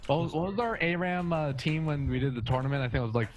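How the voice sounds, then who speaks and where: A man's voice: fairly high pitch, fast, slight background noise. A man co-hosting a casual gaming podcast, rambling through stories and laughing often. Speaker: podcast co-host.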